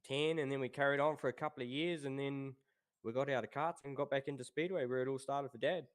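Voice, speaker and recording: A man in his thirties with a New Zealand accent, chatting as a guest about his racing past in a relaxed way. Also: mid-range voice, fast. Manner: relaxed, laid-back, says "obviously" and "um" often. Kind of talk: casual interview chat.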